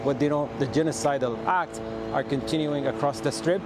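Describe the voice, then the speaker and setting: A man reporting live from the field for a news broadcast, speaking haltingly with many fillers and restarts. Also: medium pitch. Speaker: field correspondent. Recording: noisy outdoor line. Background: drone and street noise.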